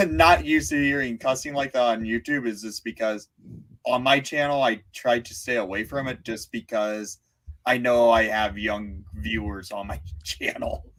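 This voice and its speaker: Slow-talking easygoing YouTuber man. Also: mid-range voice, steady tone, fairly bright tone, rough recording. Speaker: YouTuber guest. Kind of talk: casual live-stream chat.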